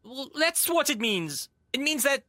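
A woman's voice: high voice, sing-song, a little slow, bright, forceful tone, no room sound, clean studio sound, heavily acted. An actress voicing a worried woman caught up in a botched nose-job affair, in dubbed drama dialogue.

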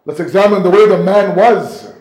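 A man preaching a sermon with passionate storytelling, his somewhat high voice ringing through a roomy, echoing space. He drops to hushed tones and then climbs toward cries. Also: normal speed. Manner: impassioned, swings between hushed and near-shouting. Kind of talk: emotional religious sermon storytelling. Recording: roomy echo.

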